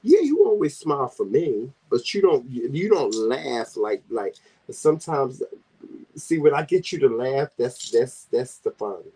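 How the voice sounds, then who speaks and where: A man with a Southern US accent, hosting a casual vlog chat and telling teasing stories in an animated way. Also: mid-range voice, measured pace, husky, rough recording. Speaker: vlog host.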